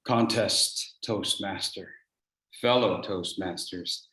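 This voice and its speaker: A speech contest speaker telling a dramatic personal story, acting out scenes and swinging between hushed lines and shouts. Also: low-pitched, slow. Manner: animated, acts out scenes, shifts from hushed to shouting. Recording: roomy echo.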